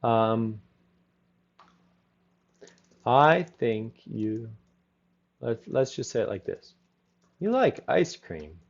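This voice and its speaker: Slow, lively-pitched male English teacher. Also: creaky. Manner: slow, repetitive drilling with brief Spanish asides. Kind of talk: live online class. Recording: dull lo-fi audio.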